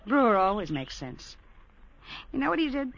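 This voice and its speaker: A woman's voice: medium pitch, big pitch swings, normal speed, vocal fry, slight background noise. An actress playing a scheming woman who teases her lover and demands money, in a 1950s radio drama with mocking laughter. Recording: dull lo-fi old radio broadcast.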